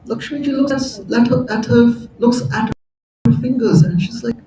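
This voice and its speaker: A man's voice: very high-pitched, moderate pace, noisy background. A man giving a storytelling sermon at a temple hall, chatty and laughing at his own jokes. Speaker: temple speaker. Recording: echoey hall, voice from far off.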